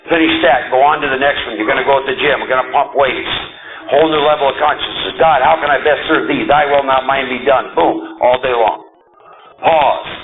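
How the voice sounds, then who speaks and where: A man's voice: medium pitch, phone-quality sound. Emphatic man speaking to a recovery group. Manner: emphatic, animated, often asks the audience "see?" and "right?". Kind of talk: spoken talk to a recovery group.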